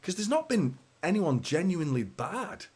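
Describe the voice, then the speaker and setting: A man hosts a fan watchalong, calling the match live between stretches of casual chat. His voice is hoarse and strained from a sore throat. He keeps up a chatty, sweary stream of teasing banter about the players. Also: high-pitched, sing-song, normal speed, a little mellow.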